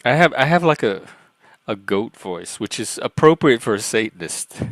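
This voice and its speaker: A man's voice: medium pitch, very animated, normal speed, a bit bright, no room sound. A man hosting a live stream in casual chat, rambling and self-mocking with frequent laughs and a light, youthful-sounding voice.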